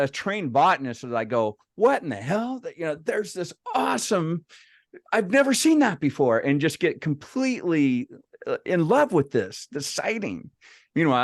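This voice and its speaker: Presenting in a casual online workshop, a man speaks in a medium pitch, telling anecdotes full of restarts and asking the group questions. The audio is clean studio sound without any room noise.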